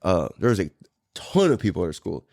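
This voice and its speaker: A man's voice: low voice, very animated, fairly quick, gravelly, darkish tone, dry recording, clean studio sound. A middle-aged man from San Diego hosting a podcast, telling a story in a laid-back, profane way and laughing often. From San Diego, Mira Mesa. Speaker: podcast host. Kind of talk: casual storytelling chat.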